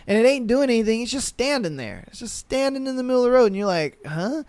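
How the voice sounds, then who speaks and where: A young man hosting a casual solo podcast, loose and profane, acting out drivers and animals in shouted voices. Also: extremely high pitch, animated, fast talker, clear, resonant tone, no room sound. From western United States. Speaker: podcast host. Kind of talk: casual solo podcast chat, reading and reacting to stories.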